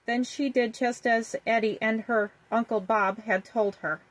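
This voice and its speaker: A woman reading a children's story aloud in a gentle, even storytelling manner. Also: a little high, a little slow, poor audio.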